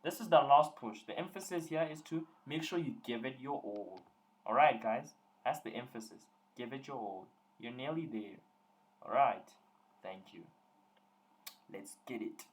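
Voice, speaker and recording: A man's voice: mid-range voice, animated, unhurried. A young man tutoring students on a live online call, teasing and joking with them as he works through examples.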